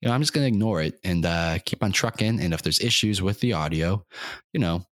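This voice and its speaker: Deep-voiced young man rambling wildly. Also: animated, a little fast, dry recording, studio quality. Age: 20s. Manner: erratic, self-mocking, swings into shouting and silly sing-song bits. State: sore throat from screaming. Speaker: podcast host. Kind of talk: rambling solo comedy podcast.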